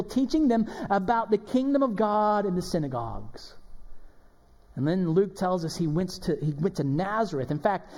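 A man preaching a sermon as pastor, animated and emphatic, acting out the people in the passage. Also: high-pitched. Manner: animated, emphatic preaching with dramatic quoted voices. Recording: long hall reverb.

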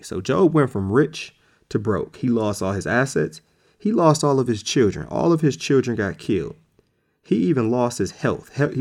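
Guy preaching casual style, lowish voice, chatty, repeats himself to hammer a point. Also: gravelly, a little mellow. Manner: conversational, repeats words for emphasis. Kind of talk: casual sermon.

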